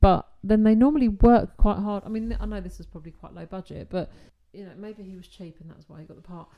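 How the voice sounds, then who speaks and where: A woman's voice: medium pitch, fairly even intonation, quick pace, dull audio. A woman co-hosting a podcast, chatting casually about a bad film, full of "like" and laughter. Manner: chatty, lots of "like", laughs often. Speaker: podcast co-host. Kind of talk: casual chat reviewing a film.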